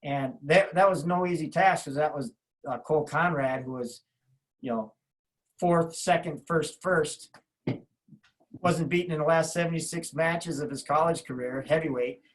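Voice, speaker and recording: A man in his fifties with a fairly high voice sits in as a guest, spinning long, loose stories. He trips over his words, starts over, and slips into other people's voices as he goes. His tone is casual and chatty. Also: normal speed, rough recording. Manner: rambling anecdotes full of restarts, acting out other people's lines. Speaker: martial arts coach, podcast guest. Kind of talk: casual storytelling.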